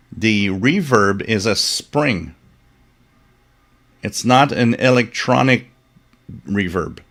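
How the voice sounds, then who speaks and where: A man's voice: mid-range voice, fairly bright tone. A man hosting a live stream, telling rambling stories with chuckles and fillers and reading out viewer comments. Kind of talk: casual chat.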